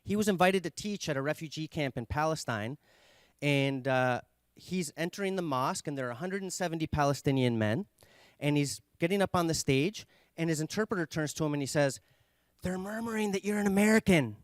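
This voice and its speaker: A man giving an earnest conference talk, explaining ideas and telling a story with pauses and fillers. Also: on the high side, animated, clear, resonant tone, no echo. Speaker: conference speaker.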